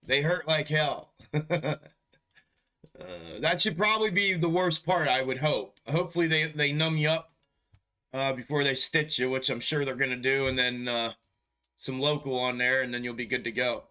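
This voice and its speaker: A man's voice: mid-range voice, normal speed, sharp tone. A man hosting a stock market livestream in casual chat, laid-back and profane, often chuckling and calling viewers bro. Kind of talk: casual live-stream chat.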